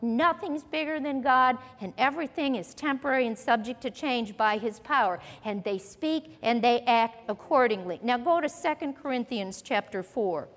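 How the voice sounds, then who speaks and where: Woman preacher, high voice, lively n jokey, echo trailing off like a big hall. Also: normal speed, few pauses. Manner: animated, mimics complainers with comic asides. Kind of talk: sermon. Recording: long hall reverb.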